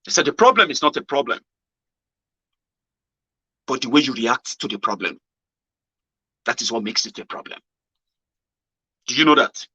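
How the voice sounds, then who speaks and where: A man with a Nigerian accent, mixing in Pidgin, giving a casual motivational monologue as a host. He swings from loud exclamations to low murmurs. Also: animated, normal speed, pauses often, slightly rough, dry recording. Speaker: political commentary host. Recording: dull lo-fi sound.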